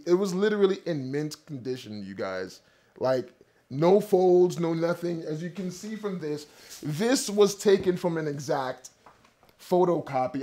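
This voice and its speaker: Founder, 30s, male, slightly high voice, chatty storyteller to camera. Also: dark tone. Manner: eager, rambling, addresses viewers directly. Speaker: company founder.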